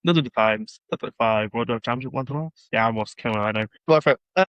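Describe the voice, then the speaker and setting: A man's voice: medium pitch, quick pace, a bit bright, clear, resonant tone, no echo, dull audio. A man co-hosting a casual motorsport podcast, joking and teasing his co-host through loose banter.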